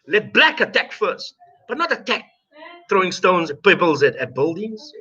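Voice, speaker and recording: Fiery high-voiced man urging boycotts. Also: big pitch swings, moderate pace, husky. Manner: forceful, repetitive exhortations, swearing. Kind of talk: impassioned video message. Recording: dull lo-fi sound.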